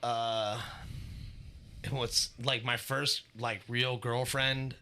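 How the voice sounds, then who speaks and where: A man with a very bright voice trades crude, blunt jokes on a casual podcast. He swears freely and talks in a loose, rambling way. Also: medium pitch, level tone, drawn-out words, a little hiss or hum. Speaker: podcast co-host. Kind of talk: casual comedic chat.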